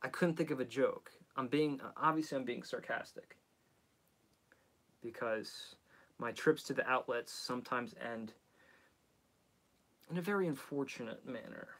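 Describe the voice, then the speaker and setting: A man's voice: medium pitch, measured pace, pauses often, a bit bright. A man with a head cold, hosting a live stream in a rambling, self-mocking, chatty way. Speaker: host.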